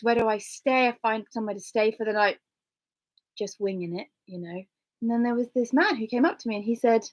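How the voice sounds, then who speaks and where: A middle-aged woman from Cornwall, chatting casually about her hiking gear and telling lively stories. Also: quick pace. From Cornwall, England. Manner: chatty and animated, acts out dialogue in a higher voice. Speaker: hiker and vlogger. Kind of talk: casual gear talk with storytelling. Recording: slightly dull lo-fi sound.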